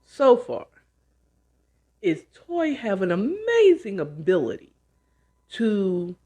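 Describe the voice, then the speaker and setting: A woman host casually retelling a novel she's reading, with chatty, animated asides. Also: mid-range voice, slow pace. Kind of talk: casual book retelling and commentary.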